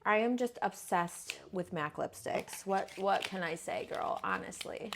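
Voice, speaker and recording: A woman's voice: medium pitch, measured pace, vocal fry, background noise. A young woman chatting casually through a makeup tutorial at home, playful and slangy, self-deprecating, full of "like" and "um". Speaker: makeup vlogger.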